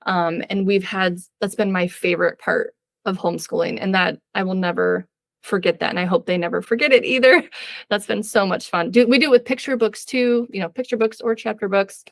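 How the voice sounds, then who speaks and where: A woman guest on a podcast, talking casually about homeschooling in an animated, chatty way with frequent laughter, and a little under the weather. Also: mid-range voice, dry recording, studio quality.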